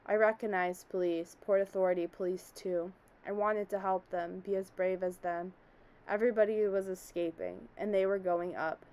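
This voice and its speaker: A man recalls his escape in an earnest, haunted voice, spoken by a woman reading a story aloud. The pitch stays in an ordinary middle range, and the telling is steady and plain. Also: normal speed, clean tone, close to an everyday voice, low-quality recording. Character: middle-aged man, former office worker, shaken survivor.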